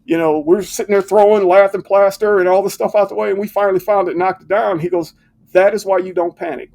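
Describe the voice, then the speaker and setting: Older man, high pitch, storytelling, retired fire captain, casual interview, acts out dialogue. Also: fast talker, vocal fry. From United States. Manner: animated storyteller who acts out quoted dialogue.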